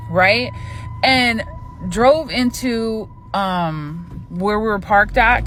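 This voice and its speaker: A young woman casually telling a spooky personal story, animated and profane. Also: medium pitch, background noise.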